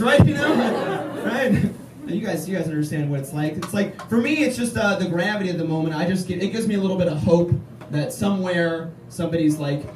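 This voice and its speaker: A man with a Midwestern accent doing a stand-up set in a small bar, talking in a halting, deadpan, self-deprecating way. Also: high voice. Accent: Midwestern American. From Kansas, American Midwest. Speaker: stand-up comedian. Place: small bar comedy night. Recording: echoey bar room, distant mic, noisy.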